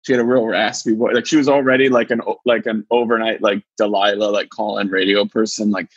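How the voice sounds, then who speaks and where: A podcast co-host in his thirties tells a story in casual chat, his husky voice jumping up as he acts out other people's lines. The sound is dry and a little dull. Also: a little fast, no room sound. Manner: animated, acts out quotes in high voices.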